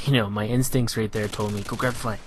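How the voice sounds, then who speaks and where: A man giving a relaxed, analytical voice-over on his own competitive match, filling pauses with "you know". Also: on the low side, slight background noise. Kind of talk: gameplay commentary voice-over.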